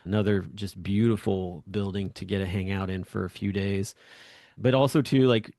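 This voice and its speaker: A man co-hosting a podcast in a casual, enthusiastic way. His voice sits on the low side. The recording is dry and close to the mic. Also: fairly even intonation, normal speed, warm tone, no room sound. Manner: upbeat, enthusiastic, laughs often. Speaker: podcast co-host.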